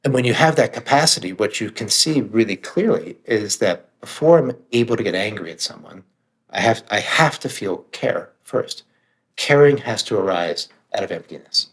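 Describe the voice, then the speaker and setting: A man's voice: lowish voice, expressive, normal speed, fairly bright tone. A man speaking as a podcast guest, earnest and reflective, swearing now and then for emphasis. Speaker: author and meditation teacher, guest. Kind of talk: candid podcast conversation.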